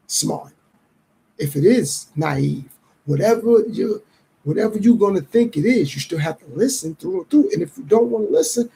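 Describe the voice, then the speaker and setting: Casting: male podcast host, middle-aged, high-pitched, dark and raspy tone, streetwise musing. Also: poor audio. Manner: reflective, streetwise, acts out others' lines in quick voices. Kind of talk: casual podcast monologue.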